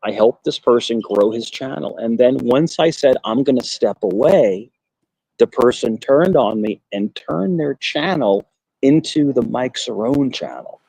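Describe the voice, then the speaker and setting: A man's voice: medium pitch, lively intonation, a little slow, vocal fry, warm tone, slightly rough, low-quality recording. A man in a casual online panel talk, boastful and repetitive, often restarting his sentences. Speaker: panel guest. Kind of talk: heated casual debate.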